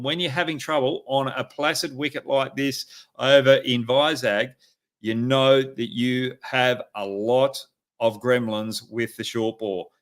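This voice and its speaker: Australian man giving emphatic cricket analysis. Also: medium pitch. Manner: animated, emphatic coaching talk with frequent fillers. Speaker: host.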